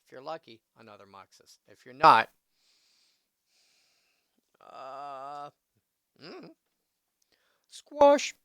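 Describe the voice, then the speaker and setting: A man with a gravelly, crackly voice reads card text out loud on a live stream in a slow, unhurried way. His tone is bright and forward, with quick asides between the cards. The sound is dry and close, with no room around it. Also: medium pitch. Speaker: streamer opening card packs. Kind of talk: casual live-stream commentary.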